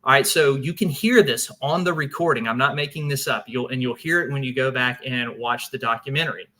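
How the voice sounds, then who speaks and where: A man with a bright, forward voice hosts a paranormal show. He tells his story casually, with lots of fillers and restarts, and breaks into laughter now and then. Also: mid-range voice, fairly quick. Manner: chatty, laughs often, many restarts and fillers.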